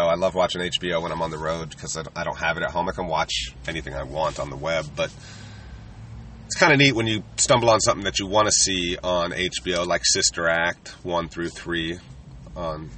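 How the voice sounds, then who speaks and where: A man's voice: low-pitched, a bit bright, far from the mic, slight background noise. A man, a touring stand-up comedian, rambling casually and self-deprecatingly with lots of fillers.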